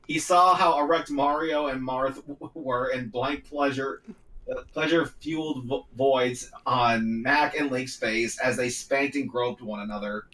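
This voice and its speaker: A man's voice: mid-range voice, steady tone, sharp tone. Stumbling man reading in an echoey room. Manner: stumbling, halting reading with restarts. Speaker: talk show host reading a story aloud. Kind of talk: casual group chat, reading aloud. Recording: roomy echo, distant mic, faint noise.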